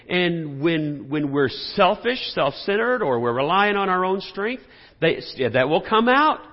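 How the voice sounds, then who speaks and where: Animated preaching man in a reverberant hall. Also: on the high side. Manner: animated, rhetorical questions to the congregation. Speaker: pastor. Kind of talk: sermon. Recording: dull sound in a reverberant hall.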